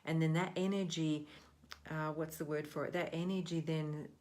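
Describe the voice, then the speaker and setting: A woman's voice: deep voice, steady tone, normal speed, a little mellow. A middle-aged woman coaching on self-worth in a casual, earnest talk, rambling and often restarting her sentences.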